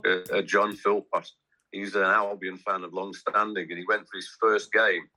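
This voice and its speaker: A man's voice: low-pitched, little pitch movement, normal speed, bright, forceful tone, rough recording. A man, chatting in a rambling, anecdotal way as a guest. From English West Midlands. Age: 60s. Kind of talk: casual chat.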